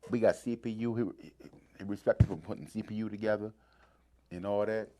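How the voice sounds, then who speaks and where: A man's voice: lowish voice, brisk. A man with a D.C. telling a long story in casual talk, acting out the voices of the people in it. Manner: animated, acts out voices in his stories.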